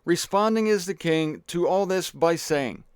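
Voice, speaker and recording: A man's voice: fairly high pitch, unhurried, clean tone, no room sound, clean studio sound. A man giving a casual, joking Bible teaching talk, digressing as he goes.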